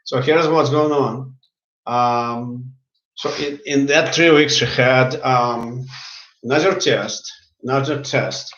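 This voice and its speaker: A man's voice: medium pitch, takes it slowly, a bit bright. A man who works as a healer tells a story in casual speech, often repeating and restarting his words. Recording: roomy, dull lo-fi sound.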